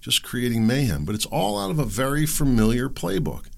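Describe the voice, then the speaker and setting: A male podcast host giving solo commentary, animated and questioning with sarcastic asides. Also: mid-range voice, brisk, vocal fry.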